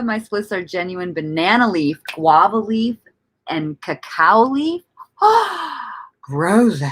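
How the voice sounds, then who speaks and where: This livestream host is a woman whose medium-pitched voice sounds a bit bright and slightly rough. Reading comments from viewers, she muses aloud in a casual way, laughing frequently and swearing without much thought.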